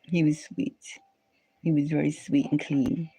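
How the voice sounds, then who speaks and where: A woman's voice: deep voice, little pitch movement, measured pace, dark tone, slightly rough. A woman hosting a live stream, chatting casually with viewers in a rambling way and repeating phrases over and over.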